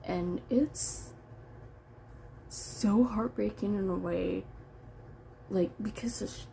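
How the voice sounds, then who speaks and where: A woman reviewing a book in a relaxed, rambling vlog. Her voice is gravelly and mellow, and she takes her time, with a faint hiss of room noise behind her. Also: mid-range voice, takes it slowly, low-quality recording. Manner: chatty, rambling, self-deprecating.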